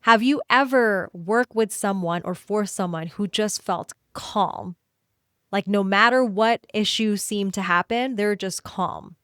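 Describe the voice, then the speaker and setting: A woman hosts a solo career-coaching podcast, talking straight to her listeners. Her delivery is animated, and she slips into little quoted voices as she goes. Her voice sits in the middle range, recorded dry and close. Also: mid-range voice, unhurried, clean tone, dry recording.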